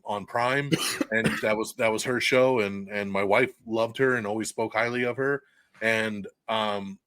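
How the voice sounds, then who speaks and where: A man hosting a podcast, reviewing a movie in casual, excited chat. He swears freely and laughs often. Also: medium pitch, no room sound. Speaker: podcast host. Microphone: podcast mic, recorded live for video stream.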